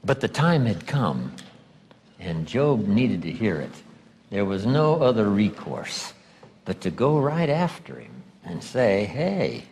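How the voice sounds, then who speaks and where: Man, seminar lecture, lively sing-song pitch, long echoing hall reverb. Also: slight background noise. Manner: emphatic, stretches key words slowly. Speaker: seminar speaker.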